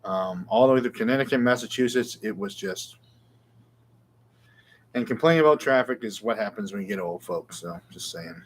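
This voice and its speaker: A man's voice: lowish voice, expressive, normal speed, a little hiss or hum. A middle-aged man, hosting a casual live guitar Q&A with rambling, self-deprecating chat. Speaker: guitar shop show host.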